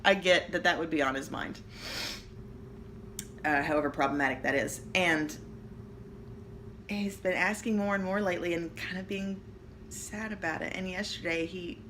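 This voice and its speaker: A woman vlogger rambling candidly at home about family life, chatty and self-deprecating with quick jokes, recorded on a hand-held phone. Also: lowish voice, fairly bright tone, slight background noise. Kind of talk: casual personal rambling vlog. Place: at home, seated. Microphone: phone camera held in hand.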